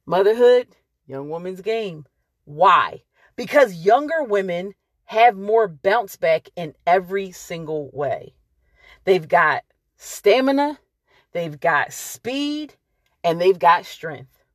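Slow, emphatic woman in her late thirties. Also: lowish voice, expressive, no room sound, studio quality. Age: late 30s. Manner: emphatic and wry, drawn-out stresses, pausing for effect. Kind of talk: candid monologue to camera.

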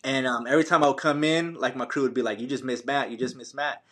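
A young man recounts a long race in lively, slangy speech, with plenty of "like" and "man" and frequent restarts. His voice sits at an ordinary middle pitch. He talks as a relaxed podcast guest. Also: fast. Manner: animated, slangy, many fillers and restarts. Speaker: podcast guest, ultramarathon runner. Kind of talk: casual storytelling.

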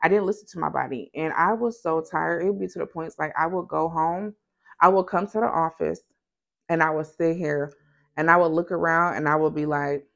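A woman with a somewhat low voice speaks frankly to her listeners as a small business owner and podcast host. Her delivery is conversational and direct, like an open motivational chat. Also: a little fast, vocal fry, muffled recording. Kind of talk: candid motivational talk.

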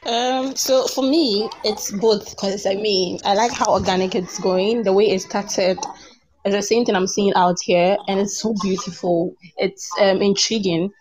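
A woman, speaking in a measured, reflective way during a casual podcast chat. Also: mid-range voice, steady tone, darkish tone, slight background noise, rough recording. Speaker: podcast co-host.

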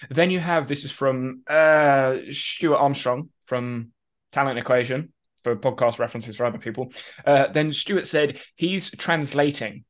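Male podcast co-host, average pitch, lively explainer with asides. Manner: animated explaining, quick asides. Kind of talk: casual conversation.

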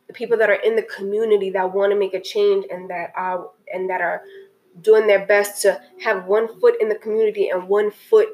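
A woman with a mid-range voice talks casually and earnestly about a documentary that moved her, emotional and frequently restarting her sentences, in a spoken film review. The audio quality is poor.

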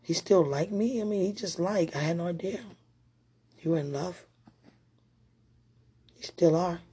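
A woman's voice: fairly low pitch, measured pace, warm tone, a little hiss or hum. A woman giving an emotional personal testimony, talking straight to her partner in a heartfelt, rambling way with prayerful asides.

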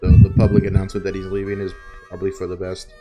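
A man's voice: low voice, very fast, over loud music. A young man co-hosting a podcast in casual chat over a remote call, telling stories with swearing and frequent laughter. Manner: animated storyteller, laughs and swears freely. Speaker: podcast co-host.

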